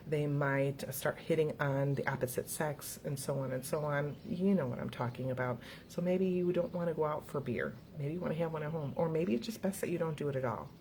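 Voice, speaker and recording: A middle-aged woman with a fairly low voice gives an encouraging, earnest motivational talk to her viewers. She laughs easily as she goes. A faint hiss of noise sits under her voice. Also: a little mellow. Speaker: host.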